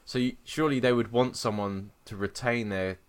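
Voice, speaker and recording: A man co-hosting a podcast, telling a story in a sweary, animated way and mocking the people he quotes. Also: medium pitch, moderate pace, clean tone. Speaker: podcast co-host. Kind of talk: casual chat.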